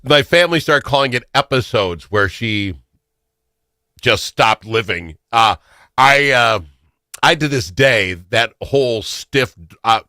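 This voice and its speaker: A man hosting a talk show, telling stories in a casual, excitable way. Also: mid-range voice, takes it slowly, dry recording, studio quality. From Minnesota. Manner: animated, excitable storyteller. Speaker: radio talk show host. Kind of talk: casual storytelling chat.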